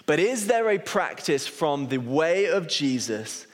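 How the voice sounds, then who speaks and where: A man preaches a sermon in a voice that sits a little high for a man. He tells a story in an earnest, self-mocking way. A long reverb trails after him through a big hall. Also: sing-song, a little slow. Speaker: associate pastor. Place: church hall.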